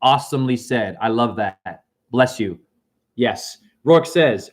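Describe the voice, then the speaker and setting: A middle-aged man giving a fast, profane, rambling spiritual monologue that swings between loud and soft. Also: medium pitch, expressive. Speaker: self-styled spiritual teacher.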